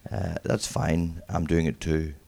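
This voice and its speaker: A young man with a strong accent doing a stand-up comedy set, mumbling and wry in a deadpan way. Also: low voice, a little slow, gravelly. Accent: strong regional accent. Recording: noisy live venue recording.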